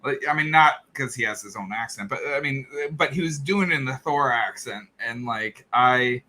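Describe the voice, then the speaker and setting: A man's voice: medium pitch, normal speed, bright, forceful tone. A man hosting a casual chat, rambling with lots of fillers, restarts and laughs. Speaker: host.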